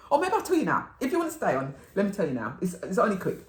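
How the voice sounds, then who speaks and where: A woman's voice: medium pitch, fast talker. Chatty middle-aged woman, roomy echo. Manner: rambling, animated, swears and laughs. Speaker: vlogger. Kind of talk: chatty storytelling haul video.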